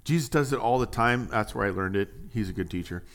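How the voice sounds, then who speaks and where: A man preaching a conversational sermon as pastor, animated and joking, swinging from hushed asides to loud emphasis. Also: on the low side, fast talker.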